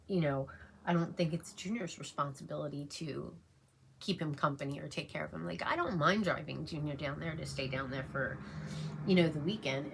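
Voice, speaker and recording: A middle-aged woman vlogging at home while she gets ready, rambling and halting with many fillers and restarts, and emotional to the point of tears. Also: low voice, creaky, a little hiss or hum. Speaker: beauty vlogger. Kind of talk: casual chat while getting ready.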